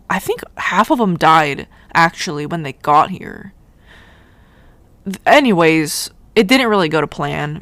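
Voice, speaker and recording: A woman hosts her own podcast in a casual solo monologue, rambling and irreverent and swearing freely. Her lowish voice is a bit bright, with no room sound.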